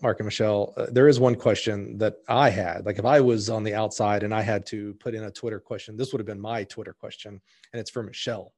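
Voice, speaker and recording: A male host runs a relaxed interview. He jokes easily and teases his guests as he asks his questions. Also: lowish voice. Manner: joking, easygoing. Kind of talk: casual interview.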